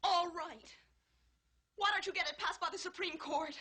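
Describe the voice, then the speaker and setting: An actress playing an impulsive, emotional young newlywed wife, indignant and dramatic in a 1960s film comedy. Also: female voice, very high voice, normal speed, bright, forceful tone. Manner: indignant and dramatic, close to tears. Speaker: wife in a marital argument.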